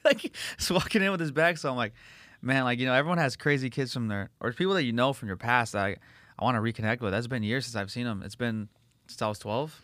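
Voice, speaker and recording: Male host, rapid and rambling, casual and profane, dry sound. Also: mid-range voice, fairly bright tone, dry recording. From Los Angeles. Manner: fast, rambling, swears a lot, acts out voices for laughs. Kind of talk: casual chat.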